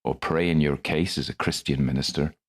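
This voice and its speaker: A man voicing a grey-bearded old Victorian chemist with a West Country accent, measured and stern. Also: a bass voice, fairly even intonation. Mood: disapproving. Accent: West Country English.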